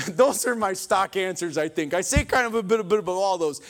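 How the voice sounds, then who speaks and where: A male preacher giving a sermon, animated and joking, with sudden emphatic exclamations. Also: high-pitched, measured pace.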